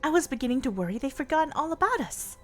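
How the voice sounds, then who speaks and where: A woman voicing a feisty, excitable young woman prisoner who talks boldly and indignantly in a visual novel game. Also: high voice, quick pace, soft background music. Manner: bold, indignant.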